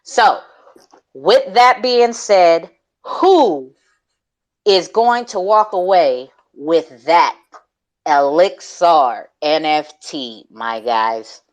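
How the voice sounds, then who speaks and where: A man's voice: fairly high pitch, lively intonation, very slow. A man hosting a live online audio call, talking in hyped, slangy casual chat, laughing often and swearing freely. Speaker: host.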